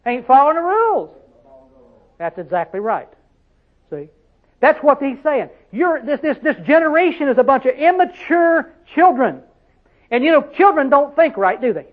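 High-voiced preacher, tinny sound. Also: male voice, big pitch swings, moderate pace. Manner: folksy, rhetorical questions, dialect grammar. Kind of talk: sermon. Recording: tinny phone-like audio.

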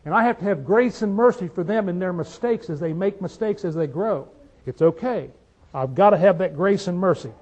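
A man's voice: high-pitched, moderate pace, a little mellow. A man preaching a sermon, reading scripture aloud and quizzing his listeners with emphatic rhetorical questions. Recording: dull lo-fi sound.

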